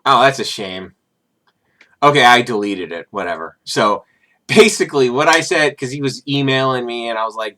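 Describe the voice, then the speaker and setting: A man's voice: mid-range voice, big pitch swings, normal speed, pushed and bright. A man vlogging in a casual, sarcastic and profane rant.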